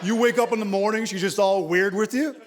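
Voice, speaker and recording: A man from Newfoundland, Canada, doing animated stand-up comedy on a theater stage and talking straight to the crowd through a handheld mic. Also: high voice, a little fast. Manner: animated storytelling, addressing the crowd. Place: theater stage before a live audience. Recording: theater reverb, audience noise.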